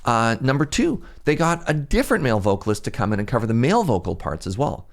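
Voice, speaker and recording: A man's voice: mid-range voice, very animated, fast talker. A young man streaming a game, chatting casually and rambling, laughing at himself often. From Canada. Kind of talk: casual livestream chat while gaming.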